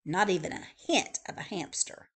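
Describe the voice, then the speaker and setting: A woman librarian reading a picture book aloud to young children, expressive and full of sound effects. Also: lowish voice, moderate pace, breathy edge.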